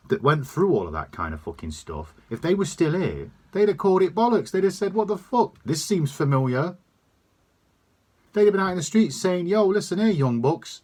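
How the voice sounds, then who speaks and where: A man holds forth in an emphatic, swear-laden rant. His husky voice rides a lively, swooping pitch, and his tone stays mid-range. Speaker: vlogger. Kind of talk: opinion rant.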